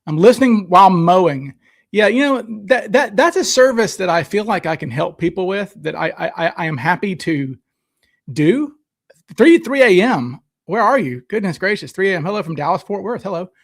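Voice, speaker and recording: A man's voice: sits high, lively intonation, moderate pace. A man hosting a live stream, chatting casually, reading out viewers' comments and answering them into a desk microphone. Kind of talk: rambling live chat. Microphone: desk microphone, sometimes too close.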